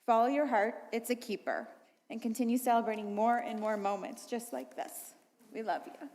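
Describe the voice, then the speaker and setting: A middle-aged woman speaks in a fairly high voice, tearful and heartfelt, her words catching as she addresses her daughter. Her voice rings with the long reverb of a large synagogue sanctuary. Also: steady tone, normal speed, darkish tone. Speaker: mother giving a bat mitzvah blessing. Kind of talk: emotional speech from the bimah. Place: synagogue sanctuary during a livestreamed service.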